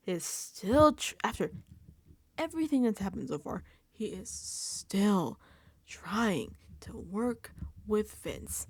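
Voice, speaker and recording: A woman's voice: medium pitch, lively intonation, takes it slowly, pauses often, dry recording. A woman vlogger giving a casual reality TV recap, laughing often and dropping into whispered asides. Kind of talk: casual recap and reaction commentary.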